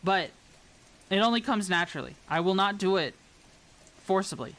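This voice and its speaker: A woman's voice: mid-range voice, lively intonation, normal speed, pauses often, a bit bright. A woman from the American South chatting casually with viewers as a streamer while she builds a model. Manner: rambling, chatty, talks to viewers. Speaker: VTuber streamer.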